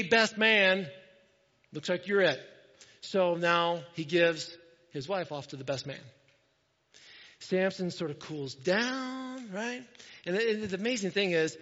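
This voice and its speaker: A man preaching a sermon in an animated, joking way, with frequent asides to the congregation. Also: sits high, long reverb tail, lo-fi sound. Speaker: pastor.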